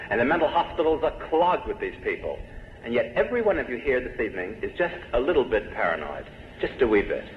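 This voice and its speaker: A man lectures a live audience with jokes and rhetorical questions, his voice rising and falling. The sound is a dull, muffled old tape with a faint hiss. It was recorded in an echoey hall with a long reverb. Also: medium pitch. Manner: joke-telling, poses rhetorical questions to the audience. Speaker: public lecturer. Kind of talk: humorous public lecture.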